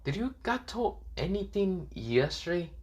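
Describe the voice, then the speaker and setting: A man's voice: high-pitched, big pitch swings, a little slow, slightly rough, voice pushed up, full character voice. A man voicing a brash young woman in a fan story, talking in a raised, pleading and defensive way. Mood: insistent.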